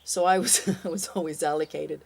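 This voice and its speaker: An older woman, a former bartender, telling a wry, lively anecdote in a casual spoken style. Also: deep voice, a little fast, gravelly. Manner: lively, animated, wry storytelling with fillers.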